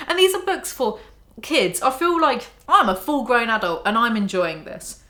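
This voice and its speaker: A young woman chatting casually and excitedly, laughing about a book she is reading aloud. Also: on the high side, moderate pace. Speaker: book vlogger. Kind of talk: casual chat between read-aloud passages.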